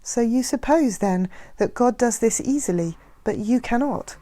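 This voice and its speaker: A woman reading a novel aloud, voicing a calm, wise woman who speaks softly, often in a near whisper. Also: a little high, normal speed, lightly acted. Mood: insistent, soft. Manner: soft, quiet, often whispered. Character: gentle, wise, calm woman, patient teacher.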